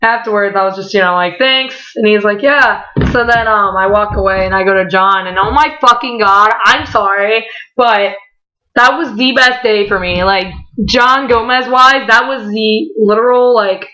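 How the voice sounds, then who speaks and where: A young woman telling a story in a casual vlog, rambling with lots of "like" fillers, bursts of excitement and laughter. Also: medium pitch, moderate pace, poor audio. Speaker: vlogger.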